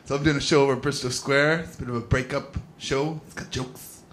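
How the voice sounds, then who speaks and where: A young man tells a comic story in a laid-back, self-mocking way, with a voice of ordinary pitch. The live recording carries clear background noise. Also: fairly even intonation, fast talker. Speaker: stand-up comedian, guest. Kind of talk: stand-up set then chat-show interview. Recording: noisy live venue recording.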